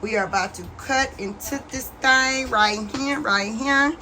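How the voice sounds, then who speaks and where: A woman's voice: high-pitched, measured pace, sharp tone. A woman hosting a casual home cooking vlog in her kitchen, chatting to viewers as y'all. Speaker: cooking vlogger. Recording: noisy home recording.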